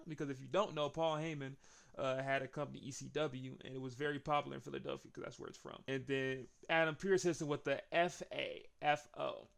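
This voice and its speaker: A young man recapping a wrestling show in casual chat, chuckling often and getting more excited as the action builds. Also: a little high, normal speed, gravelly.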